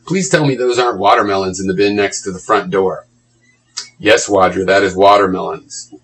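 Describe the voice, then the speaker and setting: A man's voice: sits low, moderate pace, fairly bright tone, low-quality recording. A man reading blog comments aloud and mocking them in a sarcastic, profane running commentary.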